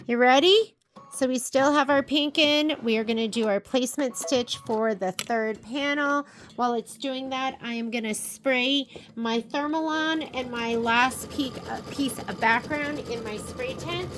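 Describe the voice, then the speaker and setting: Over music, a woman with a high voice speaks at a measured pace, chatting viewers through a sewing project step by step. She teaches sewing and embroidery and talks straight to her audience while working, in a casual craft tutorial. The setting is a sewing room at a sewing shop, with faint machine noise in the background.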